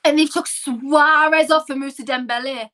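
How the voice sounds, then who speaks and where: A woman's voice: sits high, fairly even intonation, moderate pace, sharp tone. A woman hosting a live football watchalong, ranting in exasperation with frequent sighs as she reacts to the match.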